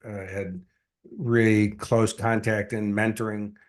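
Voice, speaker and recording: A man, a success coach and guest, telling his story in an earnest, animated way, with many fillers. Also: on the low side, slow. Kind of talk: casual interview storytelling.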